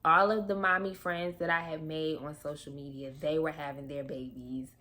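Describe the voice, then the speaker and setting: A young woman vlogging as a new mom, telling her birth story to camera in a chatty, expressive way with casual slang. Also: deep voice, normal speed.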